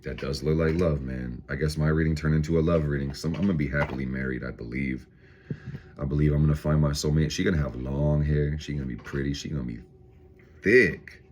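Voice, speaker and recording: A man's voice: extremely low pitch, steady tone, fast, warm tone, a little hiss or hum. A man casually reading tarot cards on his vlog, swearing freely and laughing often. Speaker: tarot reader vlogger.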